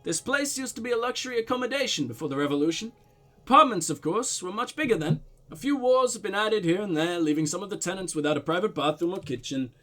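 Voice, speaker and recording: A man's voice: high voice, lively intonation, quick pace, pushed and bright. Man doing a pompous diplomat, fake Russian-German accent. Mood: smooth, evasive. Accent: mock Russian-German blend. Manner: suave, evasive, pompous. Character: smooth evasive male foreign diplomat, middle-aged.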